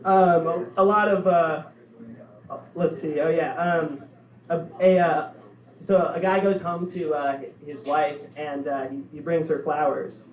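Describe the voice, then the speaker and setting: A young man doing a stand-up set, halting and offhand, with lots of fillers. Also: fairly high pitch, fairly even intonation. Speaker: stand-up comedian. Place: comedy club stage. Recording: echoey, dull room recording from far off. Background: audience laughter.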